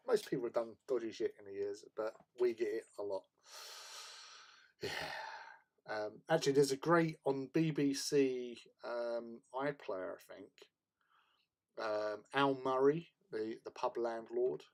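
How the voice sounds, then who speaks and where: An Englishman with a mid-pitched voice chats casually while painting miniatures on his hobby stream. He rambles through stories with lots of fillers and frequent laughs. His is easygoing and unpolished. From England. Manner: rambling anecdotal storytelling, laughs often.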